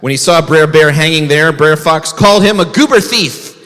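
The kids are asked questions throughout as a rabbi tells them a folk tale in a folksy style. He has a slightly high, somewhat bright voice and a moderate pace, with a long reverb tail behind him.

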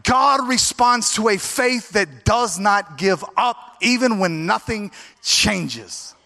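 A man's voice: sits high, lively intonation, takes it slowly, pushed and bright. A man preaching a sermon as pastor at a church service, driving his points home with emphatic, repeated exhortations.

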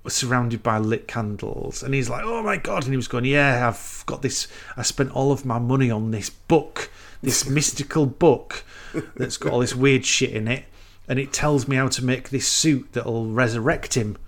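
A man's voice: medium pitch, fairly even intonation, normal speed, hardly any pauses. Guy rambling through a film plot, acts out the lines, swears a lot. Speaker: podcast co-host. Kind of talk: casual film recap chat.

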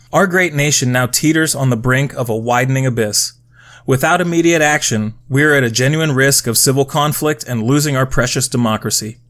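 A podcast host reading a formal statement aloud in a measured, steady way. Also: male voice, mid-range voice.

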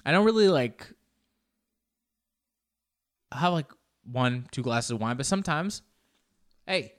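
A young man with a smooth, resonant voice talks in a loose, rambling monologue. He jokes, swears freely and keeps restarting his sentences. His pitch sits in a middle range. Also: expressive, takes it slowly, long pauses.

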